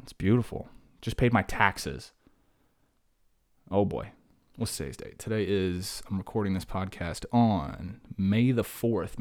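A young man talks through a casual solo podcast in a fairly low voice. He rambles from topic to topic, animated and self-mocking. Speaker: podcast host.

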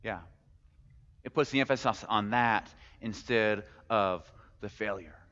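Speaking slowly in a fairly low voice, a male pastor delivers a laid-back sermon, asking question after question and adding plainspoken humor. The reverberant church hall makes his voice ring, while the recording itself sounds muffled and a little dull.

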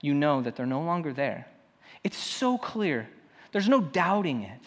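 A man preaching a sermon as a pastor, passionate, swinging between loud emphasis and quiet asides. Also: a little high, sing-song, a little slow. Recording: long hall reverb.

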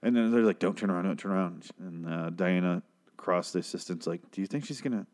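A young man with a slightly low voice talks through an episode recap in a loose, rambling way. He swears freely and slips into quick impressions of the characters as he goes. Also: a little mellow. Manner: profane, rambling, mimics characters in quotes. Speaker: recap podcaster. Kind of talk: casual spoken episode recap.

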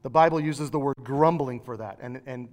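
A man preaching a sermon in a church, conversational, with animated asides. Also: medium pitch, normal speed, big-room sound.

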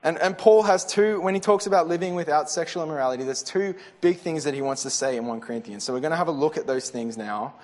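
A man's voice: a little high, fast, few pauses, a little mellow. Earnest man preaching in a hall. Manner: earnest and conversational, with frequent restarts and asides. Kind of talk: sermon. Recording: reverberant hall.

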